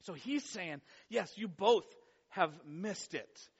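A man with a high voice preaches in a lively, conversational way, dropping playful asides between passages. The sound is a little dull, and his voice trails off into a long hall reverb, as from a church sanctuary. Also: takes it slowly, slightly rough. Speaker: pastor. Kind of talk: sermon.

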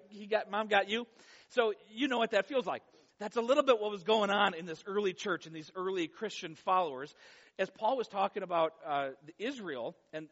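High-voiced pastor preaching in a reverberant hall. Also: male voice. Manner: conversational, animated preaching with playful asides. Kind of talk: sermon. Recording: dull sound with long hall reverb.

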